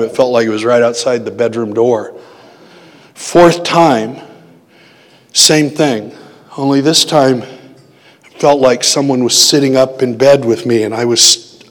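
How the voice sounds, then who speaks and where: A man preaching a sermon, telling a personal story in a conversational way and slowing down to stress quoted words. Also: mid-range voice. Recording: long hall reverb.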